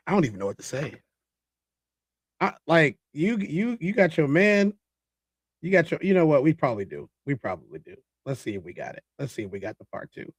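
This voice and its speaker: Male host, swinging pitch, incredulous commentary, dry sound. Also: sing-song, normal speed, husky, dry recording. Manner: incredulous, reacts with exclamations. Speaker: host reacting to a clip. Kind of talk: casual commentary.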